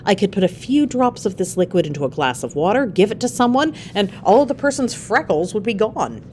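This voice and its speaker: A woman's voice: mid-range voice, big pitch swings, brisk, a little mellow, slight background noise, voice pushed up, natural voice. A woman reading as an obsessed male scientist. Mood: reassuring.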